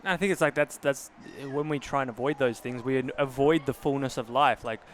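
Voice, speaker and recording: A man's voice: mid-range voice, fairly quick, a little hiss or hum. A man hosting a podcast, talking in an earnest, reflective way with many fillers and restarts. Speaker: podcast host. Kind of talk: casual conversational interview.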